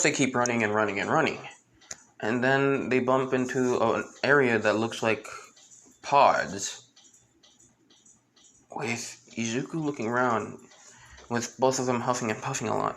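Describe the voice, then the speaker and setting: A man's voice: mid-range voice, moderate pace, pauses often, a bit bright, slight background noise. A man telling a fan story in a casual, rambling way, with restarts and asides.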